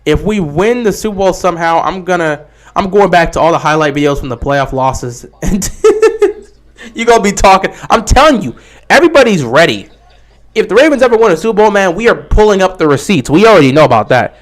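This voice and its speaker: A young man hosting a sports livestream, chatting casually and answering viewer questions. His voice sits a bit high and swings widely in pitch as he gets worked up. He talks like he's riffing with his audience. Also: brisk. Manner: animated, answering chat questions. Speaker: livestream host.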